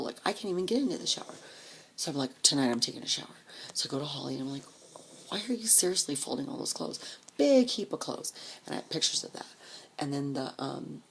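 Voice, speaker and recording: A woman's voice: deep voice, creaky, a bit bright, a little hiss or hum. A woman casually telling a rambling, profane personal story, often dropping to a whisper when she quotes people.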